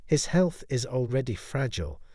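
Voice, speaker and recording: A man's voice: mid-range voice, sing-song, moderate pace, warm tone, dry recording, clean studio sound. A man voicing a stern police detective. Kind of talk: storybook narration.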